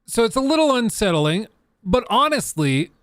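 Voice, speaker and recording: A man giving casual livestream commentary on a game demo, animated and joking with laughing asides. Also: high voice, normal speed, dry recording, soft background music. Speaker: streamer reacting to a game demo.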